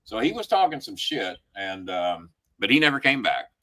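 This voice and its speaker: Gruff, profane male host. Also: on the low side, very animated, normal speed, sharp tone. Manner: blunt, heated, swears constantly; relives the story with rising emphasis. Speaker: show host. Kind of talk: profane storytelling chat.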